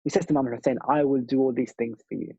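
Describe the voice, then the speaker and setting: A man's voice: medium pitch, steady tone, fast, warm tone, breathy edge, no echo, muffled recording. A man delivering a sermon at a mourning gathering, speaking earnestly with rhythmic repetition. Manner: earnest, rhythmic, repeats phrases for emphasis.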